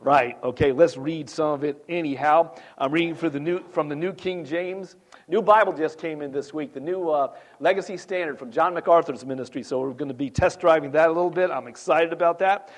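A man's voice: fairly high pitch, a little fast. A man preaching a sermon, reading scripture aloud and talking with the congregation in a conversational way. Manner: conversational, asks the congregation questions; reads scripture aloud with rising emphasis. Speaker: pastor.

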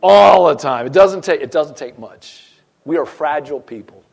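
Expressive male preacher, higher voice. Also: normal speed, gravelly. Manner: dramatic reading of scripture, swinging loud and soft. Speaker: pastor. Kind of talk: sermon.

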